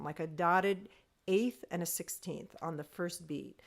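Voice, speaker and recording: A woman teaching an online music lesson, talking thoughtfully with pauses and singing rhythms aloud to demonstrate. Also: lowish voice.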